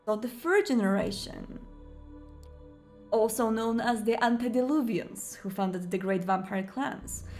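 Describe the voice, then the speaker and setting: A woman's voice: on the high side, unhurried, a little mellow, faint music behind. Chatty woman reading a vampire game. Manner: chatty, explains lore. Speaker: let's play host. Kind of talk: reading a visual novel aloud with commentary.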